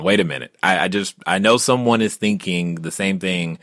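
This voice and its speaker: A man with a fairly low voice hosts a podcast interview. He jumps in eagerly and asks his questions with excitement. The sound is dry and close. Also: moderate pace, dry recording. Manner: energetic, interjecting, enthusiastic. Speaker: podcast host.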